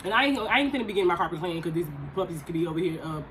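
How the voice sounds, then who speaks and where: A woman's voice: lowish voice, lively intonation, racing, fairly bright tone, slight background noise, poor audio. A woman in her thirties co-hosting a podcast, talking casually and animatedly over a meal, laughing often. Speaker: podcast co-host.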